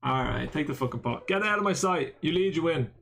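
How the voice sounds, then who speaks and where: A man's voice: on the high side, animated, fairly quick, creaky, fairly bright tone, a little hiss or hum. A man with an Irish accent giving casual live-stream poker commentary, bantering and answering chat with self-mocking jokes and the odd swear word. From Ireland.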